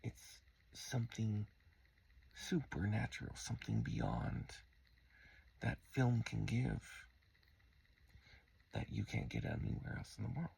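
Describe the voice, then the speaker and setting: A man's voice: lowish voice, very animated, slow, vocal fry, pauses often, a little mellow, breathy edge. A tired man hosting a late-night tutorial, rambling and self-mocking, often sinking into a mumble. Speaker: host.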